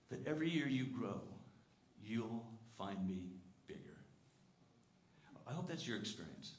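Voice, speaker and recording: Earnest pastor preaching in an echoey sanctuary. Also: male voice. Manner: earnest, rising to emphatic exclamations, dropping soft and low for tender lines; lively storytelling, putting on character voices in quotes. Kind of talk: sermon. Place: church sanctuary. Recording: echoey church sanctuary with faint room noise.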